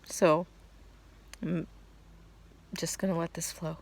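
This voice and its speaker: This middle-aged vlogger has a lowish, creaky, slightly rough voice, a level tone, and a slow pace. She rambles through a personal story in a casual way, restarting sentences and laughing between thoughts, and at moments she's heartfelt enough to be close to tears.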